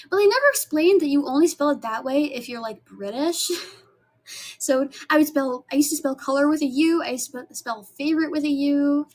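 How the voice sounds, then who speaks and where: A woman's voice: high-pitched, brisk, darkish tone. A woman whose first language is Spanish, chatting casually and rambling a little while she paints her nails. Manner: chatty, rambling, reads chat aloud. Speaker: streamer.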